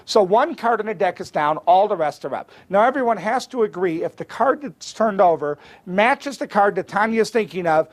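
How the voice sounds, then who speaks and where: A man's voice: high-pitched, lively intonation, moderate pace, hardly any pauses. A man performing as a stage magician, teasing a volunteer with joking banter before a live audience. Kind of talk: live comedy magic show. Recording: live stage with loud crowd noise.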